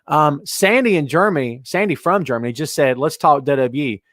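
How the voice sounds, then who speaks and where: A man hosting a casual wrestling talk show, animated and chatty, reading out listener comments. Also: on the high side, normal speed, no room sound, clean studio sound. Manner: animated, reads out chat comments. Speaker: podcast host.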